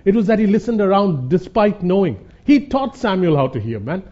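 A man's voice: high voice, big pitch swings, brisk, mellow. A man preaching as a Bible teacher in a conversational sermon. He speaks earnestly, repeats points for emphasis and calls his listeners "guys". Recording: dull lo-fi recording.

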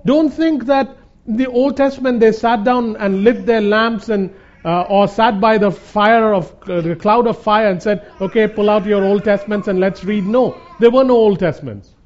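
A man with a high, mellow voice gives a conversational sermon as a Bible teacher. He is earnest, circles back to hammer home each point, and keeps calling his listeners "guys". The recording sounds dull and lo-fi. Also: normal speed. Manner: earnest, repeats points for emphasis, calls the audience "guys".

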